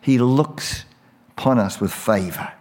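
A male pastor delivering a sermon at an unhurried, deliberate pace. His mid-range voice leans on repeated phrases for emphasis, and a long reverb trails each line in a large hall. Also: mid-range voice, animated, darkish tone.

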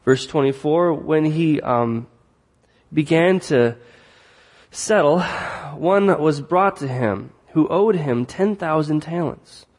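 A man's voice: fairly high pitch, slow, darkish tone. A man preaching a sermon in a large hall, conversational, joking and correcting himself as he reads and explains scripture. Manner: conversational, jokes and self-corrects. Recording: long hall reverb.

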